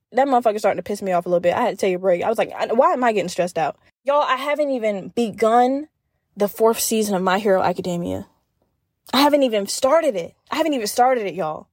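A woman's voice: on the high side, dry recording, clean studio sound. A young woman hosting her own podcast, chatting casually and animatedly with listeners and swearing freely as she talks. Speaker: podcast host. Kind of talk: casual solo podcast chat.

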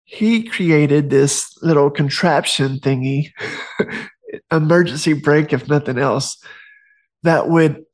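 A man's voice: a little high, slow. A man giving a casual faith talk, conversational and digressive, reading passages from his own book with joking asides. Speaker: Christian author and speaker.

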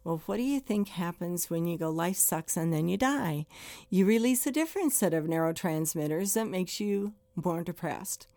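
A woman's voice: lowish voice, animated, moderate pace, dark tone, no room sound. A woman hosting a podcast for first responders, giving plainspoken advice in a conversational way and acting out quoted complaints.

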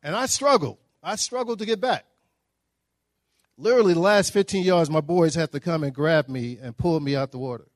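A man tells stories to a breakfast crowd, acting out the voices of the people in them. His voice sits a little high for a man, and his delivery is folksy and animated. The sound is dry and close to the mic. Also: normal speed, no echo. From Dallas, Texas. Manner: animated, folksy storytelling with acted-out quotes. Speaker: guest speaker. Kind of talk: storytelling speech at a breakfast.

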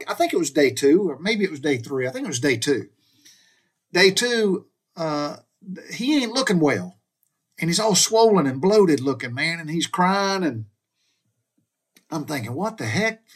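A man's voice: high voice, breathy edge. A middle-aged man from the United States telling a personal story in a folksy, colloquial way, addressing listeners directly. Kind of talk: casual spoken storytelling.

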